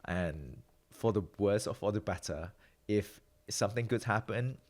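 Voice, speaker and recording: A man's voice: lowish voice, a little slow. A man speaking as a guest researcher in a casual interview, open and reflective, laughing easily. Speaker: podcast guest, metabolic researcher.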